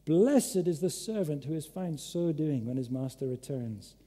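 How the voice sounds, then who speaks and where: An unhurried preacher, whose dark-toned voice is on the high side with lively intonation, drives his sermon home with direct questions to the congregation. The setting is a large church hall, recorded with plenty of echo.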